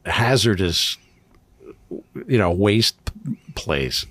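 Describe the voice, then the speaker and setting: A man's voice: low-pitched, expressive, extremely slow, fairly bright tone. A man co-hosting a podcast, telling a story in casual chat and laughing often as he goes. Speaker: podcast co-host.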